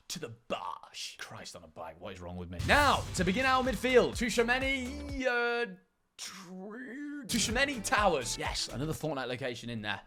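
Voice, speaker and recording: Hyped high-voiced gaming guy. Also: fairly bright tone. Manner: playful, jokey, hyped with silly catchphrases. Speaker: gaming YouTuber. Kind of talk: enthusiastic squad-builder commentary.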